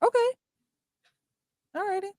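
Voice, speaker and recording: A woman's voice: very high-pitched, a little slow, a crowd in the background. A woman hosting a casual video-call talk show, upbeat and handing questions to each guest. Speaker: host. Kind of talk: casual chat.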